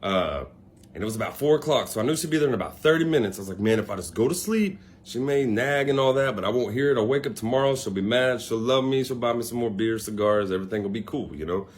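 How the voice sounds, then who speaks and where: A man's voice: mid-range voice, lively intonation, fast. A young man casually telling a personal story to the camera, rambling with many fillers and asides. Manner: rambling, laid-back, lots of fillers and asides.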